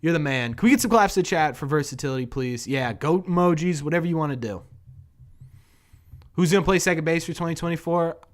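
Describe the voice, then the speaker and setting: Man, livestream host, fairly high voice, casual chat with viewers. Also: quick pace. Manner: talks to the chat, reads off gifted subs; conversational, hedging.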